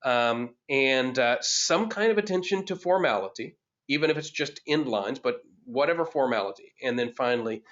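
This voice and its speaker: Halting, thoughtful male poetry teacher. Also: medium pitch, expressive, fairly bright tone, muffled recording. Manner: thoughtful, halting, many fillers and restarts. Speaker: course instructor. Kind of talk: online class lecture.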